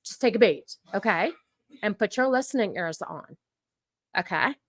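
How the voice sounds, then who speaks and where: A woman streamer reacting to clips in casual commentary, sarcastic and ranting, mocking and quick to laugh. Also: mid-range voice, lively intonation, no echo, studio quality.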